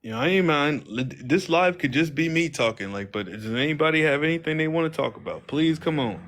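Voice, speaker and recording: A man's voice: mid-range voice, a bit bright. A man hosting a casual livestream, rambling in slangy speech and acting out quoted exchanges. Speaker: livestream host.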